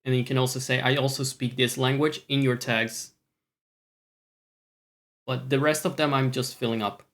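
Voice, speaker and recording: A man's voice: mid-range voice, little pitch movement, normal speed, a bit bright. Man, scottish accent, live-stream chatter, rambling, foul-mouthed, self-deprecating. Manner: rambling, sweary, self-mocking. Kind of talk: casual live-stream chat.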